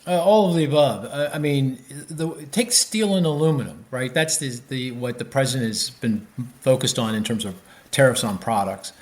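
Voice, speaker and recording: A man, an economist guest on a podcast interview, explaining with animated restarts and many fillers. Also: mid-range voice, moderate pace.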